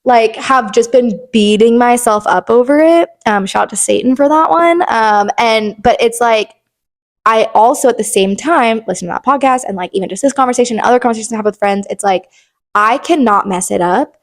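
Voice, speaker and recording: A woman's voice: a little high, brisk. A young woman hosting a faith podcast, talking earnestly in a rambling way with lots of filler words. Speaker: podcast host. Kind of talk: casual faith podcast chat.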